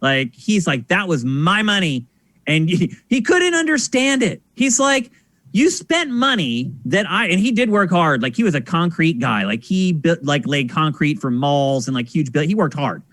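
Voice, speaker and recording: A man's voice: on the high side, normal speed, few pauses, dry recording, clean studio sound. A man hosting a casual podcast, telling stories and doing voices for the people in them. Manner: animated storyteller, acts out voices. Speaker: podcast host.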